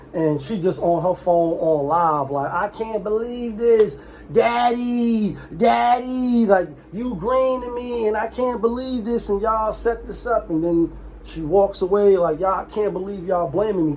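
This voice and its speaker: A young man with a slightly higher voice rambles through a casual commentary vlog. He jumps between asides and quick impressions in a loose, animated way. A faint hiss of room noise sits under his voice. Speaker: commentary channel host.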